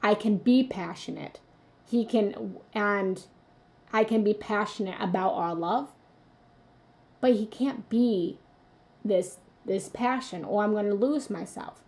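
A woman's voice: mid-range voice, slow, a little mellow. A woman hosting a live motivational talk as a spiritual coach, speaking earnestly and confessionally and addressing her viewers directly.

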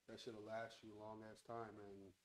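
A man's voice: on the low side, level tone, moderate pace, slight background noise, poor audio. A man hosting a casual podcast chat from a home studio, talking in a laid-back way with lots of swearing into a handheld mic. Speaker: podcast host.

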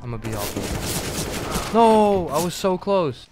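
A man's voice: medium pitch, normal speed, over music. A young man streaming a shooter from home, joking loosely and swearing as he plays into a desk mic. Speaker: gaming streamer. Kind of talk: casual gameplay commentary.

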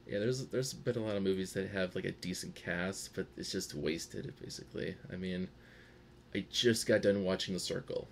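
A man's voice: sits low, moderate pace, creaky, a little hiss or hum. A young adult man co-hosting a casual movie review talk, rambling a bit and laughing at himself. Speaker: co-host.

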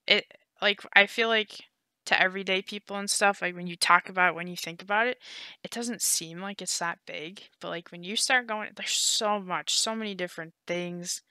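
A young woman co-hosting a gaming podcast in casual chat, animated and chatty, saying "like" often. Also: mid-range voice, smooth, no echo. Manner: animated, heavy use of "like", quick laughs. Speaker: podcast co-host.

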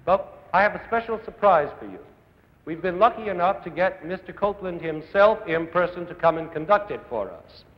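A man's voice: high-pitched, lively intonation, normal speed. Man, music lecturer, earnest, rhetorical lists, long hall reverb, muffled vintage sound. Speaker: conductor and music educator. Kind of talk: televised music lecture to a young audience. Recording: dull old broadcast audio in a large hall.

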